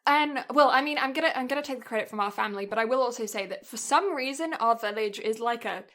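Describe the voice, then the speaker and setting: A British woman co-hosting a podcast, telling a story in a chatty, animated way and laughing often. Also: fairly high pitch, fast talker. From Britain. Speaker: podcast co-host.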